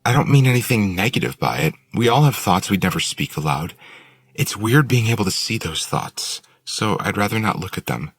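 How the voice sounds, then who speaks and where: A man's voice: on the low side, lively intonation, moderate pace, slightly rough, no echo, pitched above the performer's own voice. A man reading an audiobook and voicing a blunt, curious woman who possesses another's body, lifting his voice to play her. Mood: musing.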